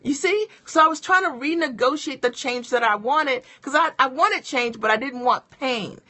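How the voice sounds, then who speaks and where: A woman's voice: high voice, moderate pace. A middle-aged woman giving a motivational live-stream talk as a business coach, speaking straight to her viewers and encouraging them. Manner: energetic and encouraging, addresses viewers directly.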